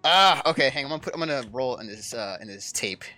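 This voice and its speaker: A man playing a tabletop game, excitable and groaning at his own bad rolls. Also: medium pitch, fast talker. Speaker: player. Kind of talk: casual game chat.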